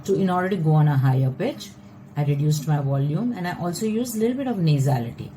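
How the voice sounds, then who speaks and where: A woman vocal coach teaching a lesson, explaining in a measured, patient way. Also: deep voice, animated, warm tone, a little hiss or hum, low-quality recording.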